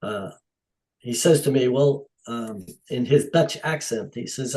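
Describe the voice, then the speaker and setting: A man's voice: medium pitch, measured pace, poor audio. A middle-aged man, a stunt coordinator, telling stories in a casual podcast interview and acting out the dialogue with animation. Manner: animated, acts out quoted dialogue. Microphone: podcast microphone.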